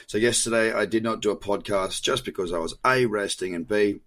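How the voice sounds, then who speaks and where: A man's voice: fairly low pitch, fairly quick, a bit bright. An Australian man hosting a crypto podcast, chatting loosely through market commentary with fillers and self-corrections, his voice worn from overuse.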